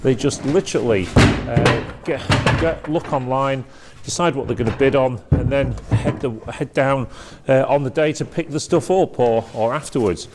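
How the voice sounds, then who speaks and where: A man with a mid-range voice talks at normal speed, barely pausing, as he tours a big industrial workshop and casually points out items for auction along the way. The background is noisy.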